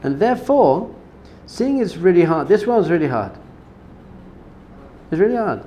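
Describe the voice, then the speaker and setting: A rabbi giving an informal Torah lesson, talking conversationally, repeating words for emphasis and telling personal stories. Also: male voice, sits high, sing-song, moderate pace, dull audio, a little hiss or hum. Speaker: rabbi teaching a class.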